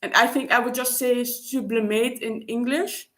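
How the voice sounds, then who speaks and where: Halting woman, slightly high. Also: steady tone, fairly bright tone. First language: Dutch. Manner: halting, searching for words with frequent restarts. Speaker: vlogger. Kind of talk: personal reflective monologue.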